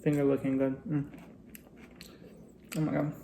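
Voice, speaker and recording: Gravelly-voiced man chatting casually. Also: medium pitch, normal speed, a little hiss or hum. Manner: relaxed, reflective, chatty with frequent fillers. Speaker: vlogger. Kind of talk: casual vlog chat while eating.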